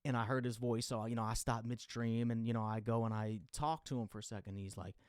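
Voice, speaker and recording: A young man muses aloud on a casual podcast, looping back with "you know" and "like" and rising into exasperated bursts. His voice sits at an ordinary middle pitch. The sound is close and dry, with no room echo. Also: fairly even intonation, a little fast, smooth. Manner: rambling, confessional, full of fillers and restarts; goes loud and exasperated when ranting. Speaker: podcast host. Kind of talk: casual monologue.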